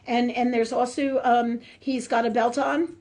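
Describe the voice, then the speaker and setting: A woman's voice: on the high side, flat delivery, unhurried, darkish tone. A woman hosting a live spiritual forum as a medium, chatting and praying, often tagging her sentences with "right?". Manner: chatty, with constant "right?" tag questions. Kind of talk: live spiritual talk and prayer.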